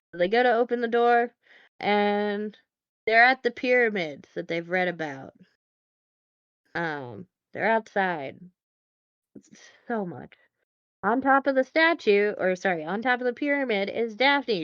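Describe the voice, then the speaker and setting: A woman podcast host walks her friends through a movie plot in a loose, rambling way, with plenty of fillers and wry asides. Her voice is smooth and clear. The recording is dry and slightly dull, like a lo-fi home podcast mic. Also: mid-range voice, a bit bright, no room sound. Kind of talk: casual movie recap.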